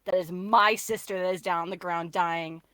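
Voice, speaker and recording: A woman voicing a fierce young warrior claiming a kill for her wounded sister, in a cold, deliberate way. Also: fairly low pitch, fairly even intonation, bright, forceful tone, clear, resonant tone, pitched below the performer's own voice.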